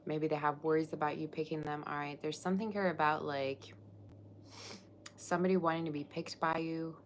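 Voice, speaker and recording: A woman's voice: low-pitched, level tone, a little fast, slight background noise. A woman tarot reader chatting casually on a live stream, scattered and often interrupting herself.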